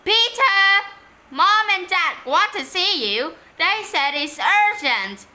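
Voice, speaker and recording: A woman voicing a bossy, naughty young boy who shouts and whines. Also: extremely high pitch, very animated, slow, voice pushed up, exaggerated voice. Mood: sly. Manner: shouting, whiny.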